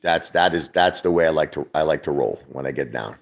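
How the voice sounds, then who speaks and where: A man's voice: extremely low pitch, a little fast, creaky. A middle-aged man from Brooklyn, rambling and swearing in a casual livestream chat, repeating himself as he talks. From Brooklyn, New York. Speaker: livestream host.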